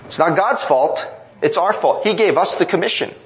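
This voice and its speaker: A man's voice: high voice, lively intonation, normal speed, low-quality recording. A man preaching a sermon in an earnest, emphatic way, driving points home through repetition. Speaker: pastor.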